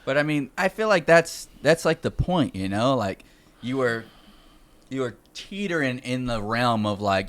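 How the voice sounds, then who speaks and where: A man's voice: medium pitch, expressive, a little slow, fairly bright tone. A man on a podcast, talking in a laid-back, profane casual chat.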